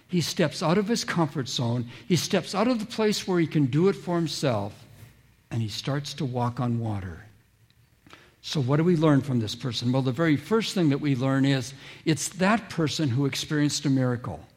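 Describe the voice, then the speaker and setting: A man with a somewhat high-pitched voice preaching a sermon. He tells stories with plenty of questions to the congregation and slips into quoted voices as he goes. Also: a little mellow. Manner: storytelling, acting out quoted voices, drawing listeners in with questions. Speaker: pastor.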